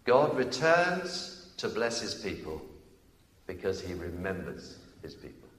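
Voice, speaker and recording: A man preaching a sermon, emphatic and animated, shifting between loud declarations and quick asides. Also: low-pitched. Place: church. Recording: echoey church hall, reverberant.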